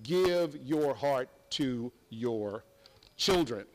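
A man's voice: mid-range voice, animated, extremely slow, low-quality recording. An older man preaching a sermon, folksy and emphatic, with sudden exclamations.

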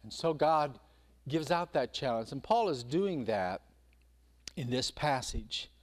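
A man's voice: mid-range voice, slow pace. A man preaching a sermon, telling a story with energy and acting out the quotes. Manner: animated storytelling, acts out quotes.

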